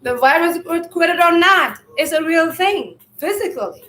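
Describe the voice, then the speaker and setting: A woman hosting a live stream, giving a loose, rambling spiritual talk in a loud voice, often clearing an irritated throat and addressing viewers as family. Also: very high-pitched, lively intonation, normal speed, echoey room, poor audio.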